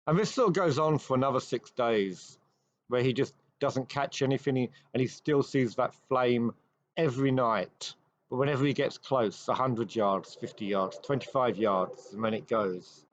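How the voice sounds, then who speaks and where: A man hosting a show, retelling an old ghost story with measured pacing and dramatic pauses. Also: mid-range voice, slight background noise. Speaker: host. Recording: dry, slightly dull recording.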